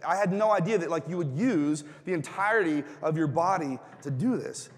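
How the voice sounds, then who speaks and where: A man's voice: fairly high pitch, a little fast, in a large hall. A man preaching a casual, joking sermon, asking the congregation questions and getting replies. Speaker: pastor. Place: church hall.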